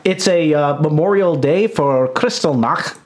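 A man's voice: fairly high pitch, a little slow. A man hosting a comedy podcast, chatting casually and laughing often. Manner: laughs often, jokey and loose. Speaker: podcast host.

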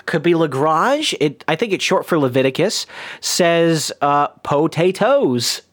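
A man's voice: fairly high pitch, expressive, measured pace, a bit bright. A man co-hosting a podcast, chatting casually, joking and giggling as he reads out listener messages. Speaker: podcast co-host.

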